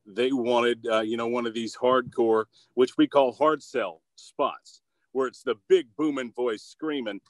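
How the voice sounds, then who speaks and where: A man's voice: mid-range voice, fairly even intonation, unhurried, no room sound. An upbeat, goofy man talks about his voice-acting work in a casual interview. He stumbles through restarts and fillers with easy energy. His voice sits in a middle register on a dry, close recording. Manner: upbeat and goofy, with many fillers and repeated starts. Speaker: voice actor and commercial producer.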